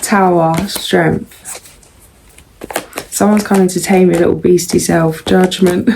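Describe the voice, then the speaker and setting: A woman doing a casual tarot reading, musing and unhurried, with frequent pauses and ums. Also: fairly low pitch, fairly even intonation, creaky, darkish tone, a little hiss or hum, poor audio. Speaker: tarot reader.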